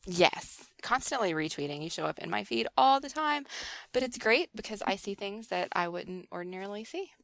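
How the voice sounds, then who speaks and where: A woman's voice: medium pitch, lively intonation, moderate pace, creaky, fairly bright tone, no room sound. A woman co-hosting a podcast, upbeat and emphatic as she chats and gives announcements. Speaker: podcast co-host. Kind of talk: casual chat and show announcements.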